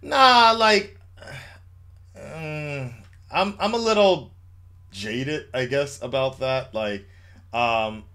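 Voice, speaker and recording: Bright-voiced laid-back male stream host. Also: medium pitch, drawn-out words, long pauses. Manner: chatty, laid-back, many fillers and restarts. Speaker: livestream host taking calls. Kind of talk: casual call-in chat.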